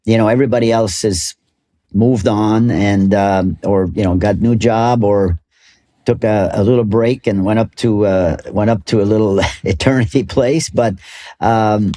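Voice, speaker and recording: A man's voice: fairly low pitch, fairly even intonation, unhurried, mellow. Older man telling rambling golf stories. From Canada. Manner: rambling, laughs often, many restarts. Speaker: golf club ambassador. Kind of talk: storytelling interview.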